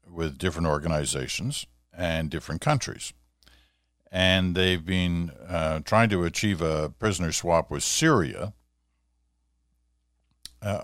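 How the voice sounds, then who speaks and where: A man's voice: deep voice, no room sound. A middle-aged man hosting a radio talk show from a small home studio, chatting casually with lots of asides. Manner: chatty, conversational, with asides and filler words.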